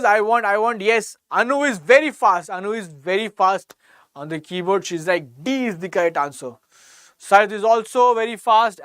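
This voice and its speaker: High-voiced, upbeat Indian man teaching. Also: fairly bright tone, clean tone, no echo. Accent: Indian English. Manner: encouraging, praises students by name, repeats questions. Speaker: exam coaching teacher. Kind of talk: live online quiz class.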